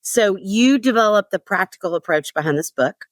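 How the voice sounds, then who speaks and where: A woman podcast host asking measured questions and responding with enthusiasm. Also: mid-range voice, animated, no echo, studio quality. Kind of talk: interview hosting.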